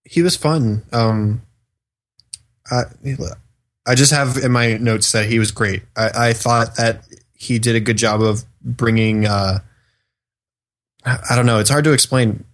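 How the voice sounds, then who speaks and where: A man's voice: medium pitch, steady tone, a little slow, pauses often, a bit bright. A man co-hosting a movie podcast, talking casually and hesitantly, often searching for words. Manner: hesitant, laughs between remarks. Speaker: podcast co-host. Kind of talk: casual movie review chat.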